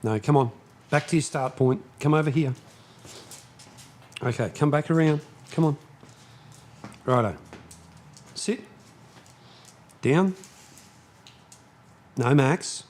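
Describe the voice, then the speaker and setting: A man hosting a casual live stream from his shed, chatting slowly and snapping commands at his dogs. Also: on the high side, slight background noise. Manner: slow, chatty, scolding his dogs in sharp bursts. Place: home workshop shed.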